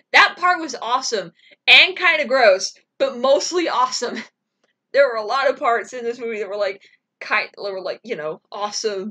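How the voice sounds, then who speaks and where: A woman's voice: on the high side, bright, forceful tone. A woman vlogging a casual, rambling reaction, gushing and emotional, swearing freely and full of fillers. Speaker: animation vlogger.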